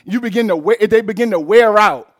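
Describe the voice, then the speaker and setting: Man, very high voice, pastor, animated sermon, church. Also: a little fast. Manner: animated storytelling, rising to shouts. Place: church sanctuary.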